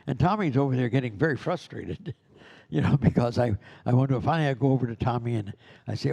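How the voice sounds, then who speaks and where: Older man, mellow low-bright voice, chatty teaching style, tells stories with put-on kid voices. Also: lively intonation, fast, creaky. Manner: rambling, acts out kids' voices in anecdotes. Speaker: Santa school instructor. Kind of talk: casual classroom teaching.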